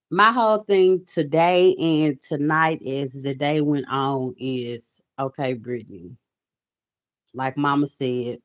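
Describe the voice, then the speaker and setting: A woman's voice: low voice, no echo. A woman in her forties hosting a casual livestream, telling a personal story, emotional at times and greeting viewers as she talks. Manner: emotional, softening to quiet. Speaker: livestream host. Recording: dull lo-fi audio.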